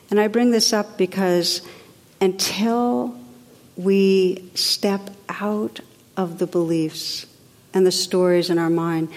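A woman meditation teacher giving a spiritual talk in a gentle, reflective, unhurried way with soft drops in her voice. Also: on the low side. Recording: long reverb of a large hall.

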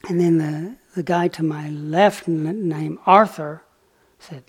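A man giving a dharma talk as a meditation teacher, telling a story gently and unhurriedly, with pauses and small fillers. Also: a little high, steady tone, breathy edge. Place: retreat center meditation hall.

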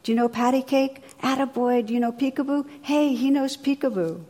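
A woman voicing a ragged, toothless old man who calls out loudly and gleefully to a baby in a restaurant. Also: high-pitched, a little fast, in a large hall, voice pushed up. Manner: loud, delighted calling out to a baby.

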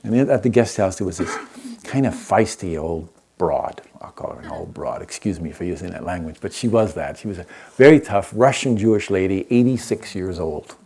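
A man who teaches meditation, telling a story to an audience in a gentle, unhurried way and often checking in with his listeners. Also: low-pitched, animated, slightly rough. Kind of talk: storytelling talk to a live audience.

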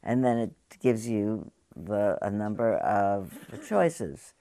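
A woman meditation teacher giving a conversational, halting talk to a group, often turning to ask the audience questions. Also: very deep voice, dark tone, dry recording. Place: meditation hall.

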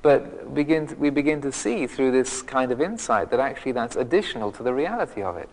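A man's voice: mid-range voice, lively intonation, brisk, in a large hall, poor audio. A man, a monk teacher, giving a dharma talk with many restarts and fillers and a self-mocking humor. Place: monastery meditation hall.

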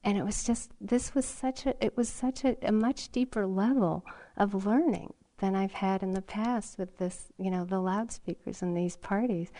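Middle-aged woman, meditation teacher, unhurried reflective dharma talk with pauses and light laughs. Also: mid-range voice. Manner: unhurried and reflective, with frequent ums and soft laughs. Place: meditation retreat hall.

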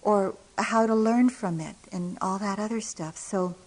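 Woman giving a gentle meditation talk. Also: medium pitch, a little slow, very noisy. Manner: gentle storytelling with soft laughs. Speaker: meditation teacher. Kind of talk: dharma talk. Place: retreat center hall.

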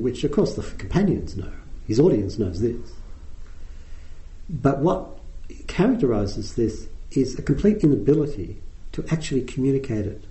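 A man's voice: medium pitch, warm tone. A male meditation teacher giving a conversational dharma talk with frequent ums, in a meditation hall. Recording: roomy hall echo.

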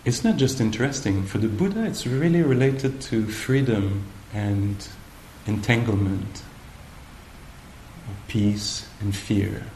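A male meditation teacher giving a gentle, playful dharma talk with frequent pauses. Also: lowish voice, slight background noise. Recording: roomy hall with faint ambience.

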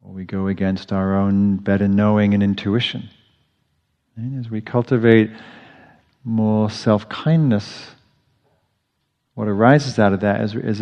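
A man giving a dharma talk as a meditation teacher in a meditation hall, speaking gently and reflectively, often restarting his phrases. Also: fairly low pitch, steady tone, measured pace. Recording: dull audio with long hall reverb.

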